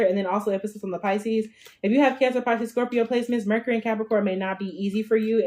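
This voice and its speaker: Twenties woman, rapid-fire tarot reader, chatty and profane. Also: medium pitch, a little mellow. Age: 20s. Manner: chatty, blunt and profane, full of "okay?" check-ins. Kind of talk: casual tarot reading to camera.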